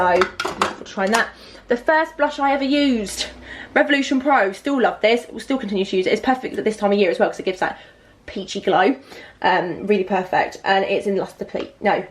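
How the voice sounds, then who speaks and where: A young woman talks through her makeup in a chatty, excitable way, full of asides and fillers. Her pitch sits in an ordinary middle range. Faint household clatter sits behind her voice. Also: a little hiss or hum. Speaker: beauty vlogger. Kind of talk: casual makeup collection vlog.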